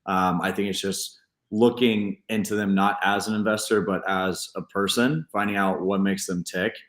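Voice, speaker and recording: A man who is a guest founder, answering in a steady, measured way with occasional fillers. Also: deep voice. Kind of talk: conversational interview answer.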